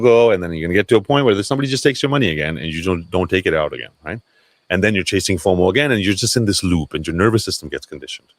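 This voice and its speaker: The recording carries no room sound as a low-pitched man hosts a casual livestream chat. He's loose and profane, frequently breaking off and restarting his sentences.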